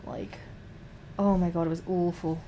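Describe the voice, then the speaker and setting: A woman's voice: on the low side, expressive, moderate pace, dark tone, a little hiss or hum. A young adult woman streamer, chatting casually and rambling while painting miniatures, swearing a lot and restarting her sentences.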